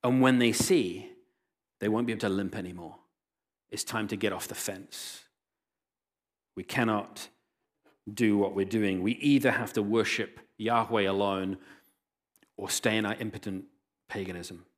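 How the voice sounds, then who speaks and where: A male pastor preaching a sermon, reading scripture aloud and retelling the story with lively voiced quotes. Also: on the low side, a little slow, pauses often. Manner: animated storytelling, voicing quoted characters.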